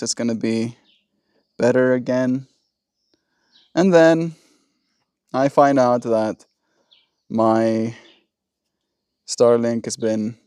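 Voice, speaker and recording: A man of middle pitch talks casually to his livestream audience, rambling and exasperated as he vents. His voice sits in a dry space with almost no room sound. It has the loose, unscripted feel of talking into a phone. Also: darkish tone, dry recording. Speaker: livestream host. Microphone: phone in vertical livestream.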